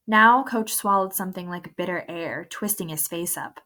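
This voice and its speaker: A woman's voice: lowish voice, moderate pace, pushed and bright. A woman reading a first-person novel aloud in an earnest, emotional storytelling manner. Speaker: audiobook narrator.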